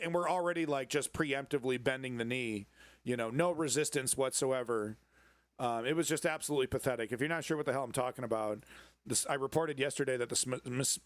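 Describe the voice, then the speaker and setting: A man's voice: fairly high pitch, no room sound. A man hosting a casual live-stream news commentary show, rambling and sarcastic, swearing freely and greeting viewers in the chat.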